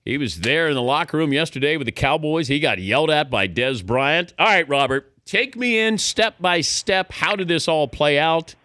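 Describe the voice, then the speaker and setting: Male radio host, brisk interviewer, lively pitch, dry close sound. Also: dry recording.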